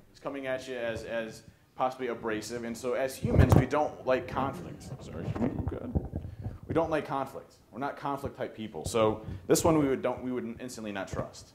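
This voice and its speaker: A man giving a conference talk on social engineering, animated and joking, often restarting his sentences. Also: medium pitch, background noise. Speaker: conference speaker. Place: conference hall. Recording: roomy hall with faint ambience.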